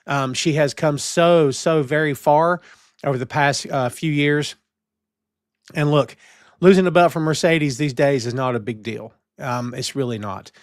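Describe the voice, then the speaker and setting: A man's voice: fairly high pitch, fairly even intonation, unhurried, dry recording, studio quality. A man hosting a live-streamed wrestling podcast, talking in a playful, theatrical way and greeting chat viewers. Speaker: podcast host.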